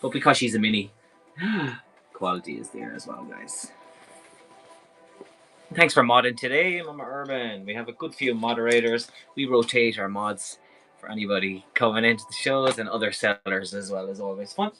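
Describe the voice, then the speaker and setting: An Irish man with a bright, forceful voice runs a live clothing sale in a chatty, enthusiastic way. He rambles freely between items, and faint music plays behind him. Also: medium pitch, expressive, normal speed, rough recording. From Ireland. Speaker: live-stream clothing seller. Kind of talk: casual live sales patter.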